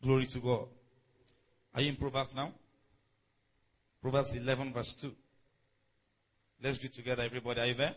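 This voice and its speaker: A man's voice: mid-range voice, fairly even intonation, fairly quick, pauses often, fairly bright tone, breathy edge, low-quality recording. A man preaching a sermon in a conversational way, calling on the congregation to respond. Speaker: pastor.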